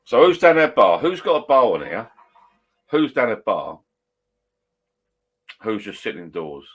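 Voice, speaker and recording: A man's voice: on the low side, big pitch swings, a little slow. A middle-aged man, chatting casually on a live stream from his garden bar shed and reading out viewer comments in a rambling, blokey way.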